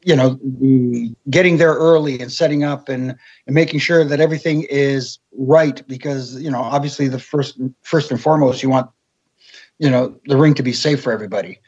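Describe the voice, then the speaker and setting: Man guest, husky, higher-pitched, storyteller who acts out quotes; dull lo-fi sound. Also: fairly quick, a little mellow. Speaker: guest, former wrestling referee. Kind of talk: casual interview chat.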